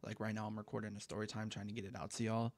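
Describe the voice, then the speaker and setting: A man's voice: fairly low pitch, level tone, racing, a little mellow, no echo. A young man casually telling a story time, rambling and profane, with lots of filler words, on a headset mic at home. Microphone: gaming headset mic.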